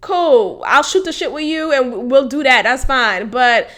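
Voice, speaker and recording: A woman's voice: sits high, lively intonation, unhurried, a bit bright. A young woman hosting a podcast, telling a workplace story casually and candidly, swearing freely and laughing as she goes. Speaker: podcast host.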